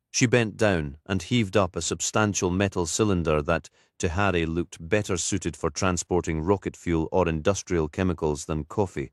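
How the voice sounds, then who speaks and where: A man reading a crime novel aloud in steady, scripted audiobook narration. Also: deep voice, moderate pace, hardly any pauses, dry recording, clean studio sound.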